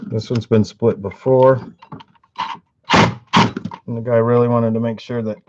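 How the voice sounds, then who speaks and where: A man's voice: medium pitch, flat delivery, unhurried, heavy background noise. A man giving a casual, rambling workshop demonstration of his tools, joking and cursing as he works. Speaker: tool and engine video maker. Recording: muffled audio with clear clicking.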